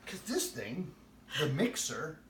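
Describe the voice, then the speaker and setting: A man's voice: a little high, takes it slowly, a little hiss or hum. A man hosting a home cooking show, telling a funny family story while baking. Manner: animated comic storyteller. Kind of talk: cooking demo with anecdote. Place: home kitchen. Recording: echoey, distant room sound.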